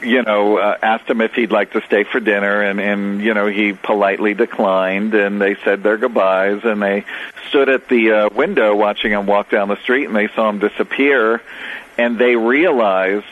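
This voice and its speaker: Low-voiced man rambling over a phone line. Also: steady tone, normal speed. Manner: rambling, many fillers and restarts. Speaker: guest. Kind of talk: storytelling on a radio call. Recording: tinny phone line with faint noise.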